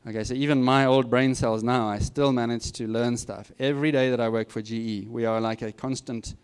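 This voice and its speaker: In an informal talk to students, a middle-aged male guest speaker dispenses candid, plain-spoken career advice and teases himself along the way. He speaks fairly quickly in a medium-pitched, steady, clean-toned voice.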